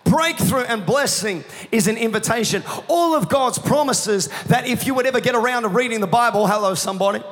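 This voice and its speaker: A male pastor preaching a passionate sermon that builds into shouts, his voice going hoarse. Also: extremely high pitch, fairly quick, few pauses, big-room sound. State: losing his voice. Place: church hall. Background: music playing underneath.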